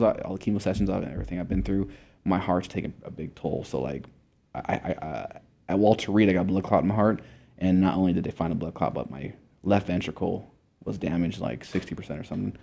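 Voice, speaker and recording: A man's voice: deep voice, brisk, gravelly, dark tone. A young man from Montana, a guest in a casual interview, telling his story in a laid-back way, with lots of swearing and filler words. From Montana, USA.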